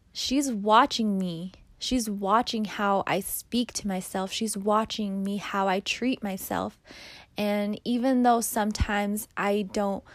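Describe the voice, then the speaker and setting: Young woman host, candid and profane, unhurried casual monologue, dry close sound. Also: mid-range voice, dry recording. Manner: candid, swears freely. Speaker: podcast host.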